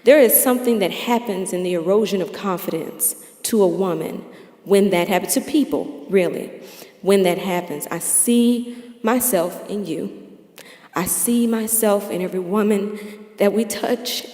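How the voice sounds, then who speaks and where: A woman's voice: medium pitch, dark tone. An American woman speaks from a stage in a large hall, her voice ringing with long reverb. She delivers a heartfelt awards speech. She laughs lightly between phrases. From United States. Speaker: charity founder giving awards speech. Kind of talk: emotional ceremony speech.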